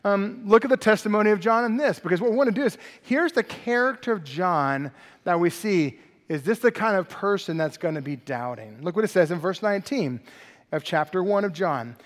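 A male pastor preaching an expository sermon in a conversational, animated way, often checking in with the congregation. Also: high-pitched, fairly quick, big-room sound. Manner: conversational, animated preaching with frequent "right?" asides.

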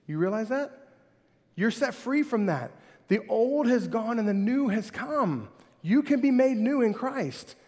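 A male pastor preaching a sermon with animated, conversational delivery that swings between loud and soft. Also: extremely high pitch, unhurried. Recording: hall reverb.

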